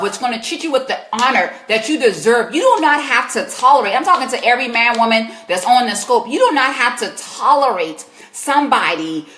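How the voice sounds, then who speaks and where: A woman's voice: fairly high pitch, a bit bright, echoey room. A woman with a South Carolina accent, a Christian life coach answering viewers' questions on a live stream in an emphatic, preachy way. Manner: emphatic, preachy, talks back to viewers' comments.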